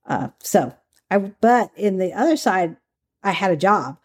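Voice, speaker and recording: A woman's voice: mid-range voice, expressive, measured pace, darkish tone, slightly rough. A woman from the American South, a former undercover agent, recounting her work in a candid, chatty interview. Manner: candid, chatty, laughs easily. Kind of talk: conversational interview storytelling.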